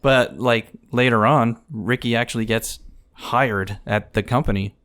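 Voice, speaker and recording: A man's voice: medium pitch, measured pace, a bit bright. Laid-back man adding movie details. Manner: chiming in with short asides and added details. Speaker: podcast co-host. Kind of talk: casual movie recap chat.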